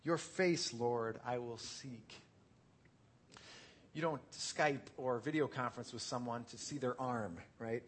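A pastor preaching an earnest, conversational sermon, swinging from quiet reflection to loud, pleading intensity. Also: male voice, medium pitch, takes it slowly.

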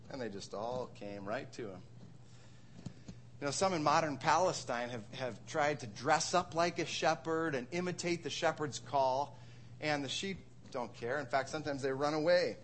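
A man's voice: fairly high pitch, moderate pace, fairly bright tone, slight background noise. A man from Wisconsin preaching a sermon as pastor, conversational, asking rhetorical questions and repeating words.

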